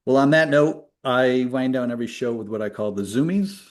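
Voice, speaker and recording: A man hosting a casual podcast interview, upbeat and running through quick questions. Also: medium pitch. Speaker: podcast host.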